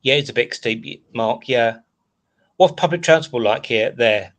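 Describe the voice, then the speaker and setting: A man with a mid-range voice hosts a casual livestream at a slightly slow pace. Frustrated, he rambles through a rant and reads chat comments out loud as they come in.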